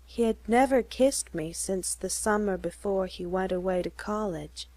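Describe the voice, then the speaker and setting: A woman narrating a first-person story slowly and clearly for English learners. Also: mid-range voice, darkish tone, no room sound.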